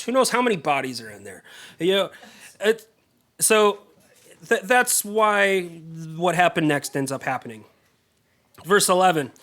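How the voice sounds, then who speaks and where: A man preaching a sermon, telling the story in a casual, lively way and acting out the characters' voices. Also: high voice. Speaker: pastor.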